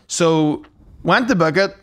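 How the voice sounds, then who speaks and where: A man's voice: on the high side, slow pace. Northern Irish man, podcast host, casual storytelling, swears a lot. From Northern Ireland. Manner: lively, swearing, acts out quotes.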